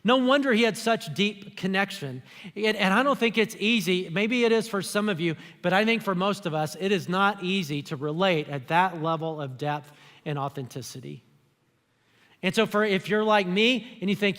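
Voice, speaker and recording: Pastor, man, high voice, easygoing sermon style, big church reverb. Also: moderate pace, a bit bright. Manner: conversational preaching, acts out quoted speech. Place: church auditorium.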